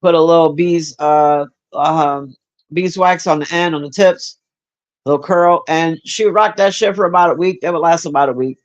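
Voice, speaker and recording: A man with a high-pitched voice streams live, chatting casually with his viewers. He swears freely and rambles with plenty of fillers, calling out people in chat by name. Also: normal speed, dull audio. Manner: profane, rambling, with many fillers; talks straight to chat by name.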